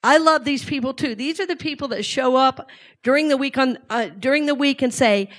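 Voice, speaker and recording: A middle-aged woman talks to a live audience in a relaxed, conversational way and keeps asking them questions. Her voice sits a little high. Her speech has natural fillers and restarts. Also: brisk. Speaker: speaker.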